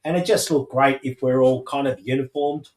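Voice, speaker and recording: A man chatting on a livestream, easygoing and a bit halting as he feels his way through with fillers. His voice comes through with a roomy echo. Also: medium pitch, darkish tone. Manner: laid-back, halting with fillers. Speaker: livestream co-host. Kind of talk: casual chat.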